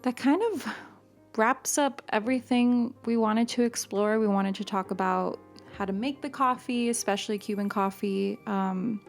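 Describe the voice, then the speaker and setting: A young woman from Miami hosting a casual podcast chat, talkative and laughing often, with many fillers. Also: medium pitch. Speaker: podcast host.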